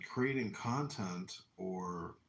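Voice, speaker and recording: A man's voice: low-pitched, very slow, echoey room. A man hosting a casual livestream chat, blunt, mocking and profane. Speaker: livestream host and candidate. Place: room at home.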